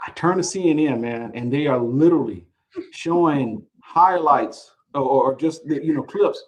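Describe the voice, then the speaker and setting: A man hosting a live podcast, telling a long story with energy, often repeating words and rising in pitch when excited. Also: moderate pace, low-quality recording. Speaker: podcast host.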